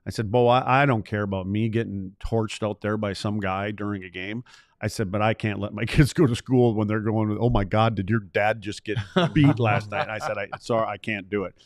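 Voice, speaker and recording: Gravelly-toned older man telling stories. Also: fairly low pitch, fairly even intonation, fairly quick, no echo, studio quality. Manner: rambling storyteller, acts out quoted dialogue. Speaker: former player and podcast co-host. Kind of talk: casual podcast chat.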